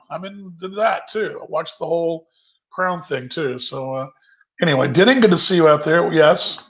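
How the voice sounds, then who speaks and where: A man's voice: on the high side, normal speed, fairly bright tone. A man casually hosting a virtual happy hour from his kitchen, rambling and reading out viewers' comments. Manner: chatty, rambling, reads viewer comments aloud. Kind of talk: casual chat on a video call. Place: home kitchen. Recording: dull lo-fi video call audio.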